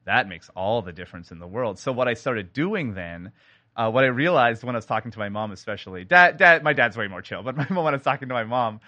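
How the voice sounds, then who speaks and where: Bright-voiced man telling stories. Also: medium pitch, fast, no room sound, dull audio. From India. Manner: animated storytelling with many likes and restarts. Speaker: sound designer and guest. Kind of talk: casual interview talk.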